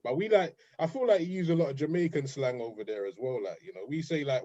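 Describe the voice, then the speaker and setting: A man's voice: mid-range voice, fast, few pauses, warm tone, muffled recording. A man from London with a London accent, hosting a casual interview chat in a laid-back, slangy way over a video call. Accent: London English. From England. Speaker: interview host.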